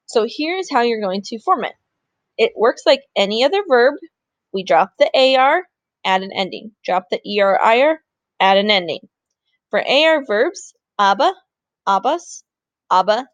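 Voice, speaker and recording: A woman's voice: medium pitch, dry recording. A woman Spanish teacher giving a recorded grammar lesson in an upbeat, informal way.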